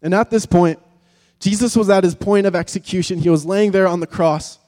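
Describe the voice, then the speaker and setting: A man preaching with a somewhat high voice, dramatic and vivid, pressing hard on key words and then falling to near a whisper. His voice rings out with a long reverb, as in a large church hall. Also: steady tone, fairly quick. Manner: vivid, dramatic, swings from loud emphasis to hushed tones. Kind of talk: sermon.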